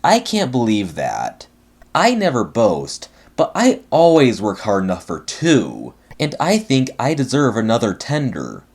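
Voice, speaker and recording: A man's voice: mid-range voice, wildly swooping pitch, measured pace, a little mellow, breathy edge, heavily acted. A man voicing a jealous, pompous male steam engine who complains in a huffy way. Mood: complaining.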